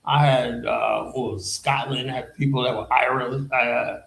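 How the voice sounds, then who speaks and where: A man in the middle of a heated rant on his own channel. His delivery is sarcastic and blunt, and he keeps sliding into mocking put-on voices of his opponents. His pitch sits at a plain everyday middle for a man. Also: fairly even intonation, measured pace, creaky, a bit bright, poor audio. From United States. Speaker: commentary channel host. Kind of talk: ranting political commentary. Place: in Liberia, West Africa.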